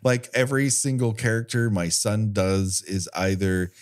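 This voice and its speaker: A man's voice: fairly low pitch, steady tone, normal speed. A man co-hosting a podcast in casual chat, rambling and swearing as he laughs along. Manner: rambling, profane, laughing often. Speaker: podcast co-host.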